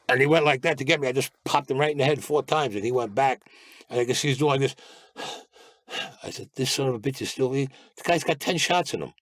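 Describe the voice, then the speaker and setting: Man, interview guest, blunt, profane, acts out dialogue, average pitch, dry close recording. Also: no echo. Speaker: guest recounting past crimes. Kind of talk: storytelling interview.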